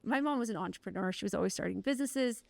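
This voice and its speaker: A woman's voice: medium pitch, rapid-fire, vocal fry, no room sound. A woman guest on an interview podcast, telling personal stories candidly and with wry humor. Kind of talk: casual conversational interview.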